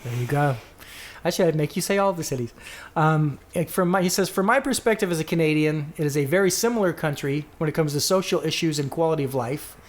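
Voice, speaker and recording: A man's voice: on the high side, brisk. Chatty man reading listener answers. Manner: rambling, self-correcting, reads quotes aloud. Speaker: podcast co-host.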